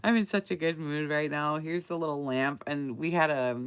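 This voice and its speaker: Very low-voiced, giggly chatty woman. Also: fairly even intonation, normal speed, clear, resonant tone. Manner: rambling, giggly, many fillers. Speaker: craft seller showing a handmade journal. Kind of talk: casual chatty flip-through.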